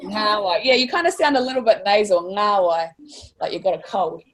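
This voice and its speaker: A woman's voice: mid-range voice, expressive, fast, slight background noise. A woman with a New Zealand accent teaching a class, upbeat and encouraging, stretching words out to model sounds. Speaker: language teacher.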